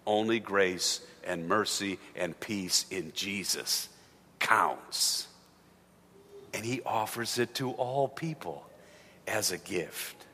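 A pastor preaching a sermon with dynamic delivery, booming on key words and dropping to a hush at the ends of phrases. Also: male voice, slow, slightly rough, long reverb tail. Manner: dynamic, swinging from loud emphasis to hushed endings. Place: church sanctuary.

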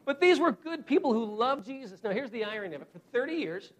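Earnest high-voiced male preacher. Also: sing-song, highs cut off. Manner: earnest, repeats key phrases slowly for emphasis; conversational, addresses the congregation directly. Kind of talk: sermon.

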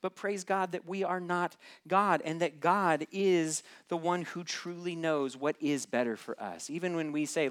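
A man's voice: on the high side, moderate pace, hardly any pauses, fairly bright tone. Man preaching a conversational sermon. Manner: conversational, questioning the listeners directly.

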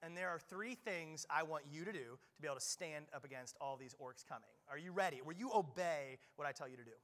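A male pastor preaching a lively sermon at a church service, playful and joking with frequent quick restarts. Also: fairly high pitch. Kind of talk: lively sermon with audience play.

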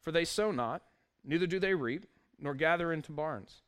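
A man's voice: a little high, moderate pace, clean tone. A male pastor preaching a sermon, reading scripture aloud with wry, conversational asides to the congregation.

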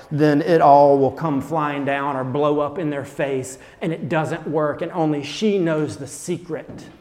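A man preaching a sermon from the pulpit, his voice sitting a little high. He talks in an earnest way, sinking quiet and then lifting with emphasis. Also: big-room sound. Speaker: pastor.

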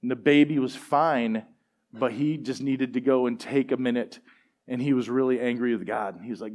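A middle-aged man preaching a sermon and telling personal stories in a relaxed, conversational way, with plenty of fillers. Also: medium pitch, normal speed. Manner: conversational, animated storytelling with fillers. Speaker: pastor. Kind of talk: sermon storytelling.

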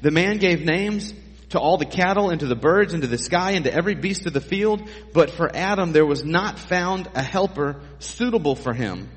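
A man's voice: a little high, animated, normal speed, long reverb tail. A man preaching a sermon in a conversational way, with jokey asides to the congregation. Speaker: pastor.

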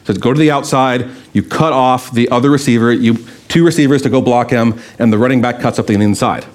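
A man's voice: mid-range voice, brisk. A man preaching a sermon in a conversational way, asking rhetorical questions and telling stories. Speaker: pastor.

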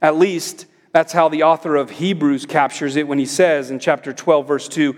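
A man's voice: on the high side, fairly even intonation, normal speed, few pauses. A middle-aged man preaching a sermon as pastor, emphatic and rising on the commands he repeats. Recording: long hall reverb.

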